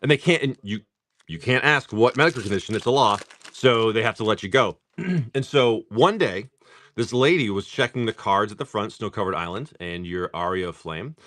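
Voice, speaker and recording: A man's voice: lowish voice, normal speed, fairly bright tone, dry recording. A man live-streaming as he opens trading card packs. He tells a rambling story and keeps breaking off to call out card names. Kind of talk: casual live-stream chat.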